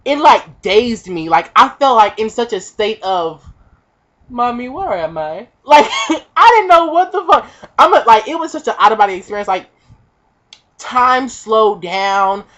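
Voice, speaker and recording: A young woman vlogger telling a comic personal story, animated and profane, acting out the voices of the people in it. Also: a little high, measured pace. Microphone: webcam. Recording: dull lo-fi webcam audio.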